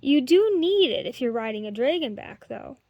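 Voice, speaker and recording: A pert, quick-witted boy apprentice of fourteen, as a woman reads him in a storybook. He talks back with prompt indignation in a high voice. The sound is dry and close. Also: big pitch swings, dry recording, muffled recording. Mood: indignant.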